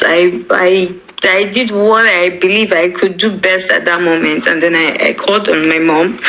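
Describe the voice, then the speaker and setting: A young woman tells an emotional personal story, halting and often repeating her words. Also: on the low side, fairly bright tone, poor audio. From Nigeria. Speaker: bereaved daughter.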